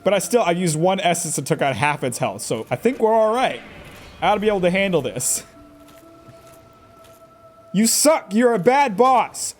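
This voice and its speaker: A man's voice: high voice, animated, fast, faint music behind. A man streaming a game live, joking and trash-talking the boss and characters as he plays. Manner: jokey, talks back at the game. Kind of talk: live gameplay commentary.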